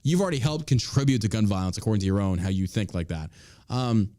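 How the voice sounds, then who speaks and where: A podcast host with a lowish, mellow male voice rants through casual political commentary at a fast, animated clip. He swears constantly and mocks freely.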